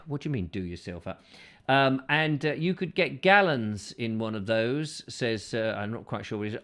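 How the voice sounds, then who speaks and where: A man's voice: mid-range voice, sing-song, normal speed, a bit bright. A man hosting a casual live show, reading out viewer comments in a playful, rambling way full of jokes. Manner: playful and rambling, jokes and drifts into silly voices. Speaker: host.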